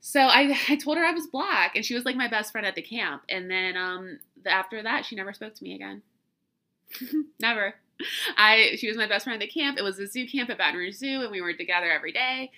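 A woman speaks candidly on her podcast, swearing and laughing often. Her voice is very bright and forceful. She sounds congested from crying and allergies. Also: medium pitch, brisk. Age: 30s. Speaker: podcast host. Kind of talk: casual solo podcast talk.

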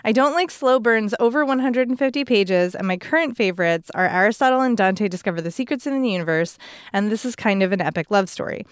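A woman's voice: medium pitch, fast talker, clean tone, no echo, studio quality. A woman co-hosting a book podcast, reading listener questions and gushing casually about recommendations. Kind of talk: casual chat.

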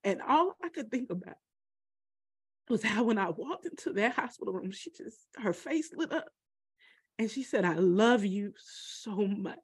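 A woman telling a personal story, halting and emotional, with many pauses and fillers. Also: on the high side, expressive, husky, no room sound, studio quality.

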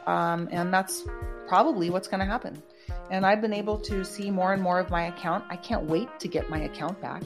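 A woman's voice: on the low side, steady tone, fairly quick, over music. A woman hosting her own show, talking casually in a rambling, emphatic way with lots of ums and uhs. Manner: rambling, emphatic, with many fillers. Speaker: podcast host. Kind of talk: casual monologue.

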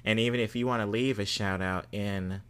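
A man's voice: fairly low pitch, steady tone, moderate pace, fairly bright tone, clean tone. A man hosting a podcast, chatting casually and reading listener reviews with playful, exclamatory bursts of emphasis. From Southern United States. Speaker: podcast host.

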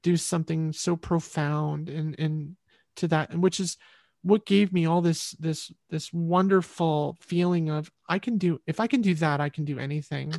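A woman's voice: sits low, fairly even intonation, normal speed, creaky, darkish tone, dry recording, clean studio sound. A woman musician, a guest in an interview, telling her story in a rambling, reflective way.

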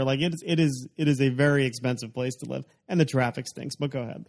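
A man hosting a casual interview, ranting with animated exasperation. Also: mid-range voice, fast talker. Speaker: podcast host.

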